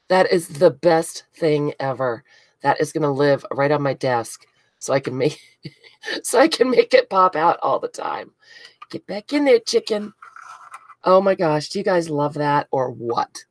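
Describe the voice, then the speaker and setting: A woman's voice: deep voice, lively intonation, a little slow, no echo. A woman hosting a craft live stream, chatting casually with viewers and gushing with frequent giggles. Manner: giggly, gushing, reads out chat names.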